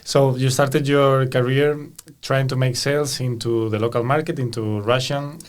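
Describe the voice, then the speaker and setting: A man hosting a podcast. His voice sits in a middle pitch. He asks friendly, long, rambling questions. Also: fairly even intonation, normal speed. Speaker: podcast host. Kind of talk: podcast interview.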